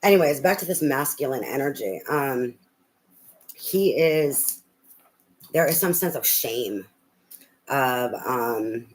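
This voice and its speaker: A woman's voice: rumbling low, animated, slow, long pauses, a little hiss or hum, rough recording. A woman tarot reader on a live reading, talking bluntly and profanely in a rambling, ranting way with many fillers.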